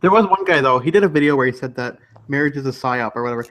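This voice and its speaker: A man's voice: mid-range voice, lively intonation, rapid-fire, a bit bright. A man chatting on a livestream, telling gossipy stories and laughing often. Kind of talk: casual chat on a livestream.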